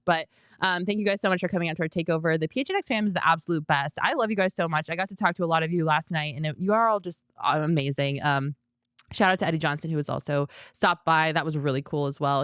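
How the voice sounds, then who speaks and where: A young woman hosting a sports talk show, chatting casually and upbeat, quick to laugh. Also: medium pitch, fairly bright tone, no echo, studio quality. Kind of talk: casual solo sports chat.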